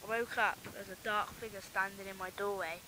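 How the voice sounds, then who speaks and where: A woman's voice: medium pitch, fairly even intonation, a little fast. A woman reading her own homemade story in plain, earnest first-person narration. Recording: noisy home recording.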